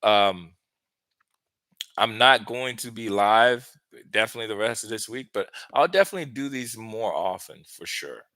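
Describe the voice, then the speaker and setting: Low-voiced man coaching a live Q&A. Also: expressive, normal speed, pushed and bright, no echo. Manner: direct, conversational advice with many fillers. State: slightly out of breath. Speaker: relationship coach. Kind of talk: live stream Q&A, reading viewer questions.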